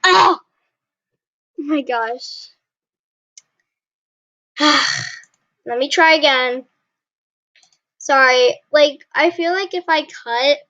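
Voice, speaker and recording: Young woman, gaming commentary, high voice, very slow talk, dull lo-fi sound, keyboard clicks behind. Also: a bit bright, no echo. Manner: frustrated, apologetic, talks to viewers. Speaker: gaming channel host. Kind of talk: casual gameplay commentary.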